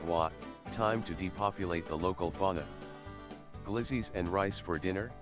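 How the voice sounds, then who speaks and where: A male text-to-speech voice reading viewer messages in an even, mechanical way. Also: low voice, normal speed, over music. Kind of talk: synthetic reading of donation messages.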